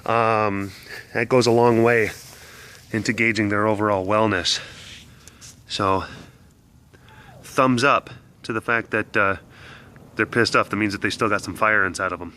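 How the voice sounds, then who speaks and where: A man's voice: lowish voice, a little slow, pauses often. A young man casually telling a rambling story to the camera, acting out voices as he goes. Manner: rambling, animated, acts out voices. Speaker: vlogger with big cats.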